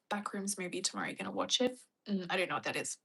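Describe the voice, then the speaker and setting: Woman streamer, bright voice, playful chat with viewers. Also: mid-range voice, brisk, vocal fry, husky. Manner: chatty, playful, laughs often. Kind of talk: casual chat.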